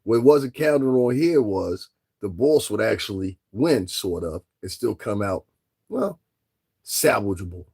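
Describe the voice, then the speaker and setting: Gravelly, husky man ranting on camera. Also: lowish voice, measured pace. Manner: animated, taunting rhetorical questions; addresses listeners directly. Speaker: commentary vlogger. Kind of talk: casual commentary monologue.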